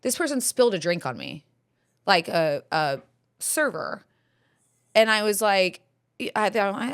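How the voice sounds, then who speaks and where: A woman's voice: medium pitch, big pitch swings, a little slow, long pauses. A woman in her thirties hosting a podcast, telling a story in a candid, rambling way with lots of fillers and laughs along the way. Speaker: podcast host. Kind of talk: casual storytelling chat.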